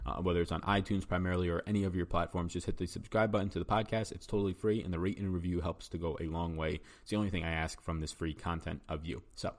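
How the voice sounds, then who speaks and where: A man hosting a fantasy sports podcast, giving a solo breakdown of basketball picks in a rapid, talky style with frequent ums and restarts. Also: low-pitched, little pitch movement.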